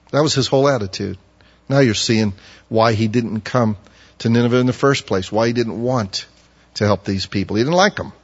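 A man's voice: lowish voice, a little fast, husky. Man preaching in a reverberant hall. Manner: acts out quoted prophets in loud, pleading bursts. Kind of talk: sermon. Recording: muffled audio with long hall reverb.

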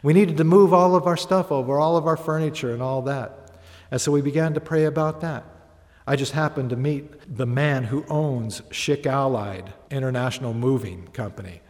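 A man's voice: mid-range voice, moderate pace, darkish tone. A man preaching a sermon, telling stories and building to earnest, emphatic appeals. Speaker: pastor. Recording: long hall reverb.

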